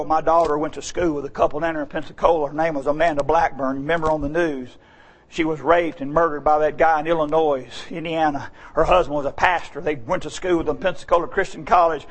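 High-voiced preacher man shouting a sermon. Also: low-quality recording. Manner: swings from quiet asides to shouted high-pitched exclamations.

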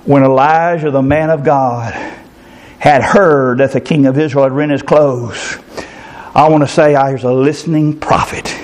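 A man preaching a sermon, often shouting and rising into fervent cries. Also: medium pitch, fairly even intonation, moderate pace.

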